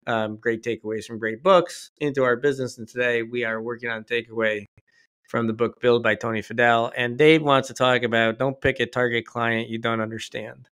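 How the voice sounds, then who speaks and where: A man hosting a business podcast in casual chat, talkative and quick to laugh. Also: medium pitch, a bit bright, clear, resonant tone. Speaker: podcast host, company CEO.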